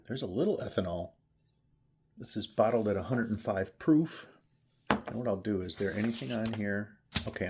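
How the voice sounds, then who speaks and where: A man's voice: lowish voice, darkish tone, a little hiss or hum. A man chatting casually as he tastes and reviews a bourbon, thinking aloud between sips. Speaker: whiskey reviewer. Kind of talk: casual tasting chat.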